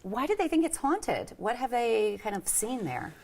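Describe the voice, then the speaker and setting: A woman's voice: on the high side, big pitch swings, normal speed, darkish tone. A woman hosting a TV talk show, asking questions in a bubbly, eager way. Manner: bubbly, eager, laughs often. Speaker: TV show host.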